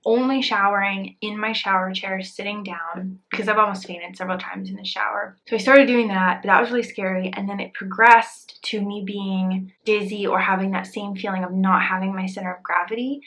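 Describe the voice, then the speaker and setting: Candid woman in her twenties, bright tone, chatty health vlogger, slightly breathless in a bedroom. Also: mid-range voice, fairly even intonation, brisk, few pauses, poor audio. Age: 20s. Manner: chatty, candid, drops into soft whispers. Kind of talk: casual health vlog. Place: bedroom in an apartment.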